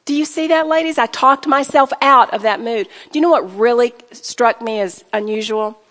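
A woman's voice: fairly high pitch, normal speed, a bit bright. A woman giving earnest, emphatic Bible teaching to a women's gathering, rising to fervent declarations. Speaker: women's retreat speaker. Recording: reverberant hall recording.

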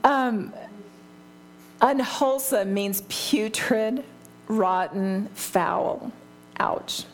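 A woman's voice: mid-range voice, a little hiss or hum. Candid woman teaching the Bible. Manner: candid and self-deprecating, laughs often.

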